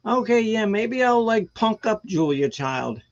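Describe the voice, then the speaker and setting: A man hosting a live stream, talking in a rambling, animated way and laughing often. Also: high voice, a little slow, muffled recording. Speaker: host of a live music stream. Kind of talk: casual chat.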